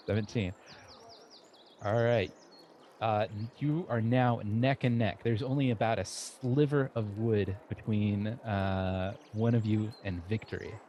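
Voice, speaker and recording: A man runs a tabletop game, narrating scenes and asking the players what they do. He pauses often and restarts his sentences. His voice is low, with faint noise behind it. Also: steady tone, mellow, dull audio. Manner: halting, lots of "uh" and restarts while describing scenes. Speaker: game master.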